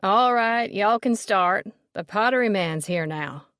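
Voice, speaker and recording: A woman voicing a portly, pompous older man with a loud, brassy Southern drawl. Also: normal speed, no echo, studio quality, lightly acted. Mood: boastful. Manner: booming, showy and ingratiating.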